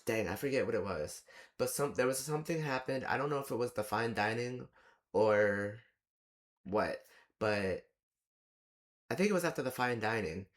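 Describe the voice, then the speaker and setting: A movie reviewer gives casual reaction commentary on a film, ranting in an exasperated, chatty way full of rhetorical questions and fillers. His mid-range voice has lively intonation, and he talks at a moderate pace with frequent pauses.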